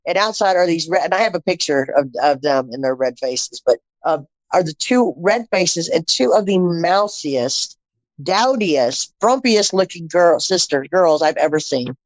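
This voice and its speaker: A woman's voice: lowish voice, a little slow, no echo. Middle-aged woman telling her story, dry and muffled. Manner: animated, acts out quoted dialogue, repeats phrases for emphasis. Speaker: podcast guest. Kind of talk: personal testimony storytelling.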